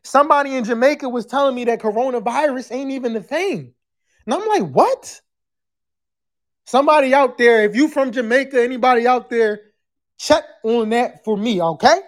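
Talking briskly in a mid-range voice, a loud, profane podcast host trades remarks with callers and the live chat, sometimes bursting into screams.

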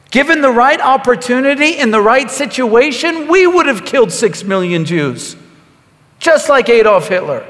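A man's voice: high-pitched, fairly bright tone. Guy preaching, earnest, trips over his words a lot, long hall echo. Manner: earnest, stammering restarts, acts out quotes. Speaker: pastor. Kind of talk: sermon.

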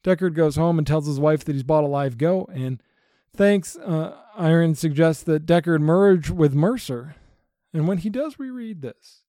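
A man's voice: on the high side, measured pace, dark tone, dry recording, clean studio sound. A man hosting a Bible-based podcast, talking in an earnest, preaching way and repeating phrases for emphasis. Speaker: podcast host.

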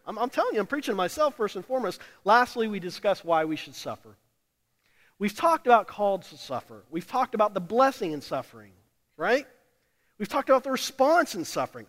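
High-voiced preacher man in a reverberant hall. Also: big pitch swings, a little fast. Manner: swings from hushed murmurs to loud emphatic declarations; repeats lines for emphasis and addresses the congregation directly. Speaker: pastor. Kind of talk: sermon. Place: church sanctuary during a service. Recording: long hall reverb of a church.

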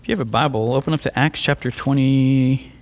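A young adult man preaching a sermon, telling stories with lively voiced asides. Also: mid-range voice, fast talker. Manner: animated storytelling with voiced asides. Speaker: pastor.

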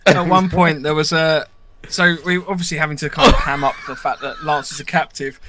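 A man's voice: a little high, a little fast, crowd noise. A man co-hosting a podcast, chatting casually and telling stories against himself. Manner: animated, self-mocking storyteller. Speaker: podcast co-host. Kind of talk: casual chat.

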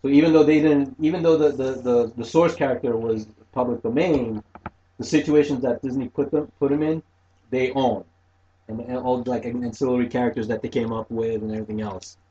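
A man's voice: medium pitch, steady tone, brisk, dark tone, dull audio. A man co-hosting a casual podcast chat about films, explaining points in a wry way. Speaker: podcast co-host. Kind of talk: casual film review chat.

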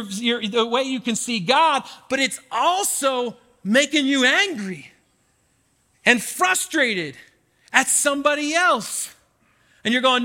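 A man in his forties preaching a sermon, his voice pitched very high and bright. He talks in an animated way, acting out pleading prayers to God. The sound carries a long reverb, as in a big church sanctuary. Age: 40s. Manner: animated, acts out prayers to God with rising intensity. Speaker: pastor.

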